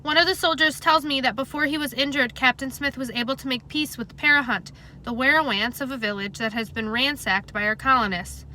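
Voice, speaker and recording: A woman reading a novel aloud in a plain, steady, conversational way. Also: high voice, a little fast, slight background noise, rough recording. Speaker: reader.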